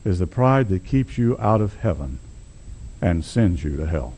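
A man's voice: low voice, sing-song, unhurried, dark tone. A man preaching a sermon, telling a story in a conversational, wry and emphatic way.

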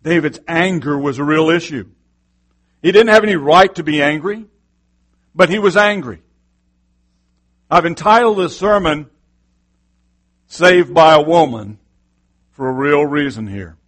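A middle-aged man delivers a sermon from the pulpit in a somewhat high voice. He preaches with fervor, leaning on rhetorical questions to drive his points home. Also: measured pace, long pauses, fairly bright tone. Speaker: pastor.

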